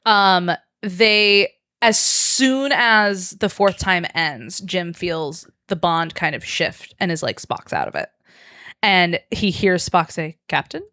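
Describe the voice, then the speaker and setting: A woman's voice: fairly low pitch, slow, few pauses, pushed and bright. A woman podcast host casually retelling a story in a chatty way, peppered with "like" and swearing.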